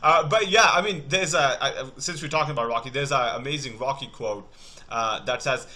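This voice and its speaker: A man's voice: mid-range voice, fairly quick, sharp tone. A man hosting an interview podcast, enthusiastic and full of praise for his guest. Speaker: podcast host.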